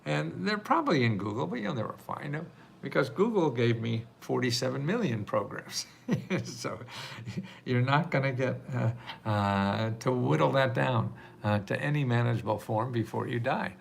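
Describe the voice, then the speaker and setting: Older man, very gravelly voice, rambling and chatty, laughs a lot, live stream host, faint background noise. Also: mid-range voice, animated, normal speed. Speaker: livestream host answering viewer questions about grants. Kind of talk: casual live Q&A.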